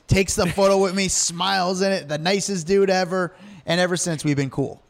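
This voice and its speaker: Man, gravelly voice, slightly high pitch, casual storytelling, animated. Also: moderate pace. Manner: animated anecdotes, acts out quoted lines, laughs often. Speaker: guest telling stories.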